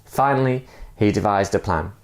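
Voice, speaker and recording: A pastor preaching a sermon, telling a fable in a relaxed way with many fillers. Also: male voice, fairly low pitch, normal speed, creaky.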